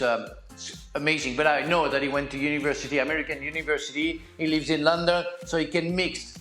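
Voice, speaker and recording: A man's voice: a little high, pushed and bright, reverberant. A man whose first language is French, a former player and pundit, speaking English hesitantly in panel chat. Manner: hesitant, searching for words.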